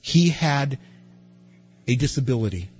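A man preaching a sermon in a conversational way, asking rhetorical questions and swinging from loud to quiet. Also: medium pitch, animated, a little slow, slightly rough. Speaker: pastor. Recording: dull lo-fi recording with faint music.

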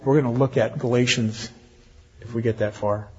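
A man's voice: medium pitch, steady tone, normal speed, husky. An older man preaching a sermon to his congregation, with teasing asides to the ladies in the pews. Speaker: pastor. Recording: dull lo-fi church recording.

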